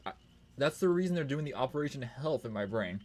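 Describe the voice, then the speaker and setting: A man's voice: mid-range voice, expressive, fast, a little mellow. A man streaming a game, chatting in a loose, rambling way and swearing often. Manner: rambling and profane, full of "it's like". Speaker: gaming streamer. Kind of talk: casual gaming stream chat.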